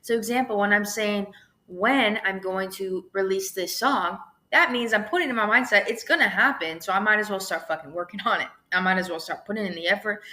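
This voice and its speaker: Young woman host, bright lower-pitched voice, loose chatty monologue full of "like" and curse words. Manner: chatty, swears freely, lots of "like" and "you know". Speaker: podcast host. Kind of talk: casual solo podcast monologue.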